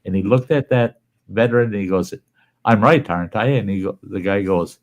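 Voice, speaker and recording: A man's voice: fairly low pitch, moderate pace, slight background noise. A man hosting a casual chat, telling a long joke in a folksy way and swearing freely. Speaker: host.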